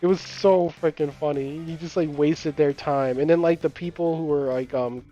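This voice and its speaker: A man's voice: fairly high pitch, fairly even intonation, normal speed, warm tone. A young man chatting casually while gaming, rambling through stories with frequent laughs and casual swearing. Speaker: gamer and channel host. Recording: dull lo-fi voice chat with game music. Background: game music.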